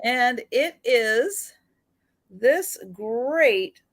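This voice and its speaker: A woman runs an online photo sale on a live stream, chatty and giggly, with laughter breaking up her remarks. She speaks on the high side, animated yet extremely slow.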